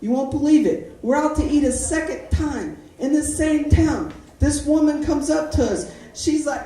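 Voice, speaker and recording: A stand-up comedian performing an open-mic set in a club, animated and quick to slip into character voices and sung jingles. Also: high voice, slight background noise. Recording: echoey room, mic from a distance.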